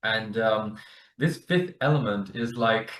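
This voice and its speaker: A man's voice: on the low side, slow pace, fairly bright tone. A man earnestly sharing his spiritual practice in casual talk. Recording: echoey room, distant mic.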